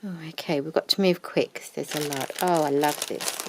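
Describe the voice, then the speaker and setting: A woman craft vlogger showing off her purchases in a casual show-and-tell, gushing with admiration and often dropping into a soft whisper. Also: low-pitched, normal speed, noisy background.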